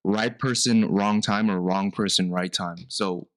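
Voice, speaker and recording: A man's voice: lowish voice, a little slow. A young man co-hosting a casual podcast chat, telling stories animatedly and acting out what his parents said. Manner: animated storytelling, acts out quoted parents. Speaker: podcast co-host.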